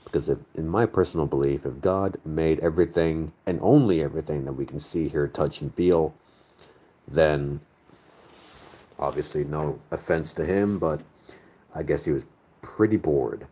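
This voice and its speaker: Man, northern US, casual talk host, rambling, deep bass voice. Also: moderate pace, mellow. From northern United States. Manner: rambling, searches aloud for words. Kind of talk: casual live chat reading viewer comments.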